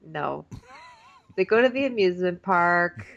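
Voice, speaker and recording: A woman's voice: lowish voice, expressive, a little slow, gravelly, a bit bright. A woman co-hosting a podcast in casual chat, recapping a show with dry, blunt remarks. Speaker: podcast co-host. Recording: dull lo-fi sound.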